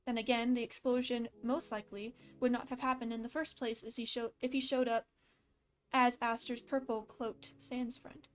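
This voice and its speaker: A woman's voice: a little high, flat delivery, normal speed. A woman casually reading a fan story aloud with a slight lisp, stopping now and then to laugh and comment. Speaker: fan fiction reader.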